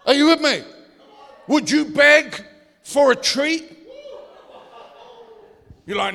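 A pastor preaching a sermon, building up to shouts and asking the congregation questions. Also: male voice, very high voice, lively intonation, takes it slowly, pauses often. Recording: long hall reverb.

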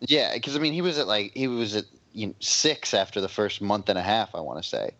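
A man co-hosting a casual sports podcast, talking in a measured, reasoned way with plenty of hedging. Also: on the low side, lively intonation, fairly bright tone, highs cut off. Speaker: podcast co-host.

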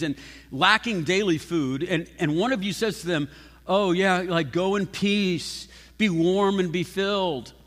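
Animated pastor preaching in a reverberant hall. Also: male voice, high-pitched, husky. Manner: animated, emphatic, with frequent restarts. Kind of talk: sermon.

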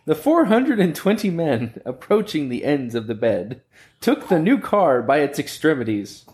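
Man, co-host, goofy giggly reading, slow, bouncy lively pitch. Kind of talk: casual chat, reading a comic game aloud.

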